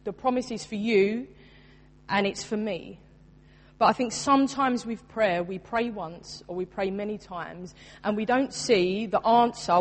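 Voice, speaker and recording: A woman in her thirties delivers a sermon, earnest and personal, leaning hard on key lines. Her mid-pitched voice carries a long reverb, as if she is speaking in a large church hall. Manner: earnest, personal, emphatic preaching. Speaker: preacher.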